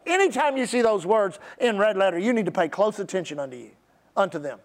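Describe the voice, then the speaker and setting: A middle-aged man gives a sermon as pastor, his high voice animated throughout. He stretches his emphasis on key words and asks the congregation to say them back.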